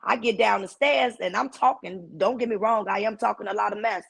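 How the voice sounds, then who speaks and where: Woman comedian from Chicago, heavy punchy voice, animated storyteller, mid pitch. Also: a little fast, gravelly, husky. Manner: animated storyteller who acts out quoted voices. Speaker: guest comedian. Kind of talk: casual storytelling chat.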